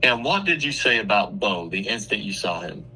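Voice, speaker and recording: Bright-voiced, profane man telling a story. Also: fairly low pitch, moderate pace, a little hiss or hum, low-quality recording. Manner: crude, profane, animated storyteller. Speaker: comedian guest. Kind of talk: casual radio storytelling. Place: radio studio.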